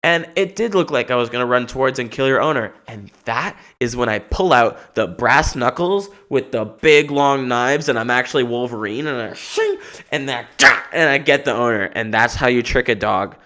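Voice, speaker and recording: A man's voice: mid-range voice, moderate pace, a bit bright. A man hosting a podcast, riffing through a rambling comic monologue with casual swearing. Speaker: podcast host.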